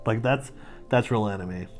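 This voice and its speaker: A man's voice: fairly low pitch, a little mellow. Upbeat chatty man hosting an art vlog. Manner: upbeat and chatty, laughs often. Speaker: artist and channel host. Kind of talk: casual art vlog narration.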